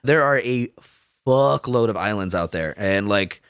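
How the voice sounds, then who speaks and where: A man co-hosting a casual podcast, jumping in with animated, profane asides. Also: lowish voice, a little slow, clear, resonant tone, no echo, clean studio sound. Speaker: podcast co-host. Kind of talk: casual history podcast chat.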